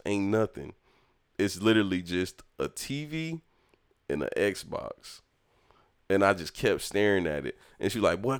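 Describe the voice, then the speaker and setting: A young man telling a lively childhood story in casual chat, acting out the people in it. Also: deep voice, smooth. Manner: animated, acts out voices in his story. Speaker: storyteller talking with his mother.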